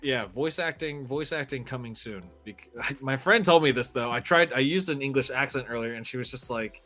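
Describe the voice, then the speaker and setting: A man's voice: mid-range voice, fairly quick. A man hosting a podcast, chatting casually and telling stories with frequent laughter. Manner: animated storyteller, laughs often. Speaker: podcast host. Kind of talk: casual chat.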